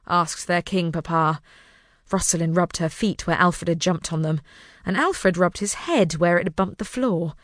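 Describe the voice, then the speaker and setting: A woman narrating a children's audiobook in an expressive storytelling manner, close to a studio microphone. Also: medium pitch, a little slow, dry recording.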